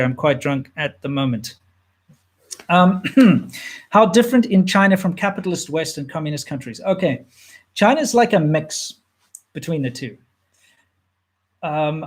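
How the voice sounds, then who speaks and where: A man in his thirties hosting a casual question-and-answer chat, relaxed and rambling, with plenty of fillers and restarts. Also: medium pitch. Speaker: channel host answering viewer questions.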